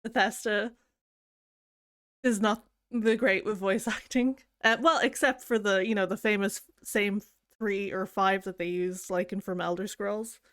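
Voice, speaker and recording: A woman's voice: medium pitch, fairly even intonation, measured pace, fairly bright tone, no echo. A woman streamer chatting casually with viewers, rambling and self-deprecating with plenty of giggles. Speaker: game streamer. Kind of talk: casual chat.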